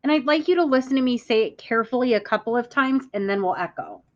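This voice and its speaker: A woman teacher giving a classroom vocabulary lesson, speaking clearly and deliberately, stressing words for the class to echo. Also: fairly high pitch. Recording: muffled lo-fi audio.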